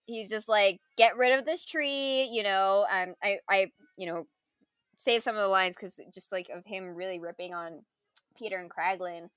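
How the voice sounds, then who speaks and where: A woman in casual conversation reviewing a film, animated and full of fillers and laughs. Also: mid-range voice, normal speed, clean tone, dry recording, clean studio sound.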